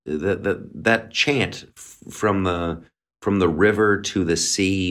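A man's voice: sits low, slow pace, fairly bright tone. A man co-hosting a podcast, ranting in a heated, profane way with many stammered restarts. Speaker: podcast co-host. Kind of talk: opinionated podcast rant.

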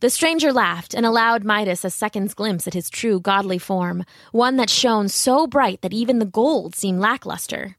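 A woman's voice: medium pitch, moderate pace, few pauses, dry recording, clean studio sound. A woman narrating a fairy tale steadily, with asides to the listener. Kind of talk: storybook narration.

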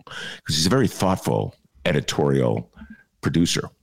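A man's voice: a bass voice, lively intonation, normal speed, gravelly. A man hosting a podcast, chatting in a rambling, jokey way with many filler "uh"s and laughing at his own jokes. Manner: jokey, digressive, full of filler "uh"s. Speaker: podcast host. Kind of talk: rambling comic chat.

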